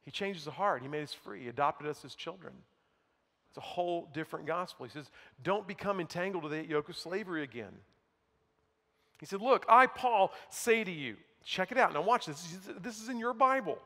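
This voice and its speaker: Male pastor, high bright voice, emphatic preaching with hushed asides, big church reverb. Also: animated, moderate pace. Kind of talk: sermon. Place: church sanctuary. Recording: long hall reverb.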